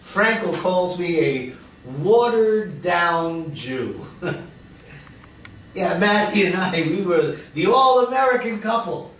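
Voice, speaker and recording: Older man, quick jokes, wide lively pitch, fairly high voice; a man plays it on a roomy, far-off video-call line with faint hiss. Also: heavily acted. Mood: joking. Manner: jokey, chatty, laughs at his own lines. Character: wisecracking older man, restless and joking. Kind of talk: virtual play reading. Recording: echoey, distant video-call audio with faint noise.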